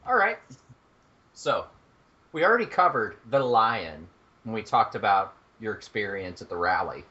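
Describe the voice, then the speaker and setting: A man's voice: lowish voice, expressive, moderate pace, bright, forceful tone, dull audio. A man co-hosting a podcast, playful and teasing, steering the chat and setting up bits. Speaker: podcast co-host. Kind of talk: casual podcast banter.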